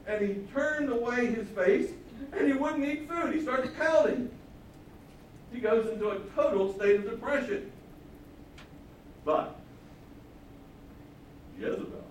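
A man preaching a sermon, his rather high voice full of animated storytelling as he acts out the quotes. He is heard from afar in a very echoey hall, with faint ambience behind. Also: far from the mic, slight background noise.

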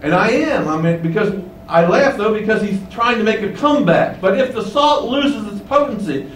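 A man's voice: high voice, lively intonation, moderate pace, few pauses. A man preaching a sermon, emphatic, with many rhetorical questions, in a windowless room. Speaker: pastor. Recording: roomy, distant mic, faint hum.

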